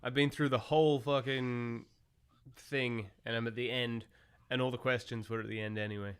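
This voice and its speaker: A man's voice: medium pitch, steady tone, moderate pace, smooth. A man co-hosting a podcast, reading listener questions aloud in casual chat and swearing now and then.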